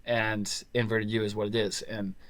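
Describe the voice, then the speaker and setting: A man's voice: lowish voice, level tone, normal speed, fairly bright tone, dry recording. A man in his twenties telling a story casually, with fillers and quoted voices. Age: 20s. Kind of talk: casual chat.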